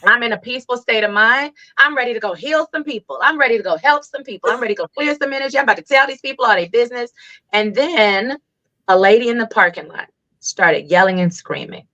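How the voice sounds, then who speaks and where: An animated woman in casual interview talk, her voice bright and forceful. She tells stories with lively acted-out quotes. The recording sounds slightly dull and lo-fi. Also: on the high side, fast talker. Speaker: Reiki healer guest.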